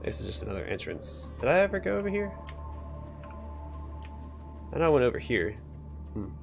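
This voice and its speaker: A man's voice: medium pitch, very animated, normal speed, creaky, faint music behind. A man hosting a let's play, casually commenting on the game and thinking aloud in an offhand way.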